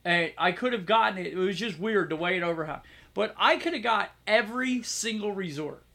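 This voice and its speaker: Bright, gravelly-voiced American man chatting. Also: high voice, fairly quick. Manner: chatty, laughs at himself, reads news aloud. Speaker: podcast co-host. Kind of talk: casual podcast chat.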